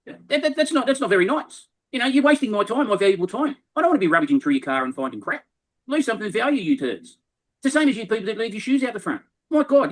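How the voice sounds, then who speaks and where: A man's voice: high voice, a bit bright, heavily acted. A man voicing an indignant, whiny male night burglar with an Australian accent, ranting and stammering in a comic character bit. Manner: ranting, put-upon, stammering.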